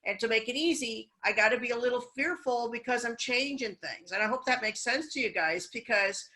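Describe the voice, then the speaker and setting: A woman's voice: a little high, a little fast, bright, forceful tone, rough recording. A woman guest on a business podcast, talking frankly and encouragingly in casual conversation.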